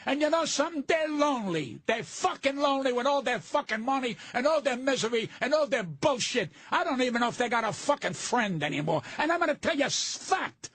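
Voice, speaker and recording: An older man, a comedian guest, telling stories in a profane, combative rant with a raspy voice. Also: very high voice, big pitch swings, fairly quick, few pauses, fairly bright tone, no room sound. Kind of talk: live podcast storytelling.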